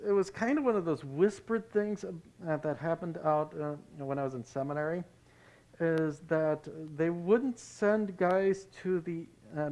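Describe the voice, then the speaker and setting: A pastor leading a Bible study, talking in a conversational way and telling anecdotes. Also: male voice, a little high, a little mellow, poor audio.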